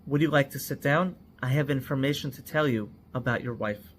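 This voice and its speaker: A man acting out a female social worker who delivers hard news slowly, gently and plainly. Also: medium pitch, slight background noise, close to an everyday voice. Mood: gentle. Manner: gentle, slow, direct.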